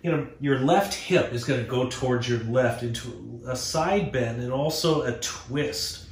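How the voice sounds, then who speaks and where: A man's voice: medium pitch, unhurried, echoey room, slight background noise. A man teaching a guided yoga class, cueing breath and poses and joking between them. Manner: playful, cues breathing and poses. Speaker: yoga instructor. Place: indoor room before a green screen.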